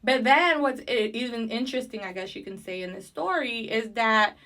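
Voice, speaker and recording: A woman's voice: fairly high pitch, normal speed, bright, forceful tone. A woman casually recapping and giving her opinions on a wrestling show, chatty and opinionated. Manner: chatty, opinionated, with fillers and restarts.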